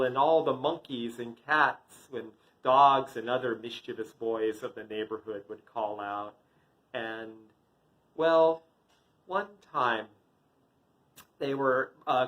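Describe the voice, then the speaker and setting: Slow, playful male storyteller. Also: medium pitch, rough recording. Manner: animated, playful with sound effects. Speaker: yoga teacher.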